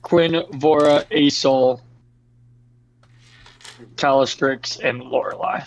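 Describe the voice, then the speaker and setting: A man's voice: mid-range voice, fairly even intonation, slow pace, slight background noise. A man playing a tabletop game, explaining the rules and his healing in detail. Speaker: player. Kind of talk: casual tabletop game chat. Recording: dull lo-fi mic.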